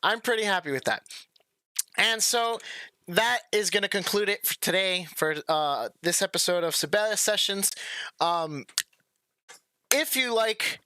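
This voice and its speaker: A young man with a high, bright voice chats casually into a close mic on his live stream. He is relaxed and rambling, with easy laughs, and his recording is dry with almost no room sound. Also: a little slow, pauses often, clear, resonant tone, no room sound. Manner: relaxed and chatty, laughs easily; rambling, with many restarts. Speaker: music arranger hosting a live stream.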